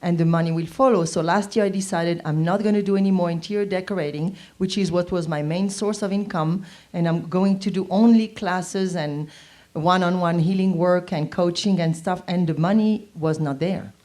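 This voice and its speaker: A woman's voice: fairly low pitch, moderate pace, mellow. A woman at a workshop, speaking earnestly and with doubt. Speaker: workshop participant.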